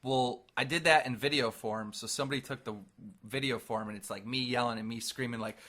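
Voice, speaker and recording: A young man co-hosting a casual podcast, telling animated stories and laughing often. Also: medium pitch, a little fast. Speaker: podcast co-host.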